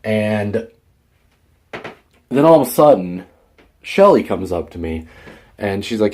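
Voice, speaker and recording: A man's voice: lowish voice, sing-song, slow, long pauses, darkish tone. A teenage boy vlogging, telling a rambling, worked-up story about quitting his job. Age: teens. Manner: rambling, fired-up retelling of a workplace feud. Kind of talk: casual storytelling vlog.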